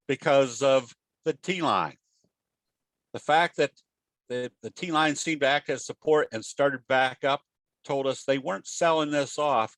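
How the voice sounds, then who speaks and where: A man's voice: medium pitch, a bit bright, no room sound. A man giving a casual trading webinar in a folksy, storytelling way, with frequent restarts. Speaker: trading educator presenting a webinar.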